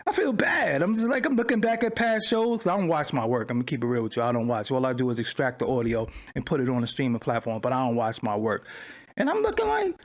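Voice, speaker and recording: A man hosting a livestream in casual talk, loud and animated, swinging between excited exclaiming and low muttering. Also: fast talker, few pauses. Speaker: livestream host. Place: home studio at his screen.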